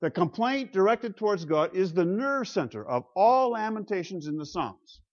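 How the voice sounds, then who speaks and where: A man giving a classroom lecture on the Psalms, emphatic and animated, with rhetorical questions and chuckles. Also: a little high, dull audio. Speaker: Bible lecturer.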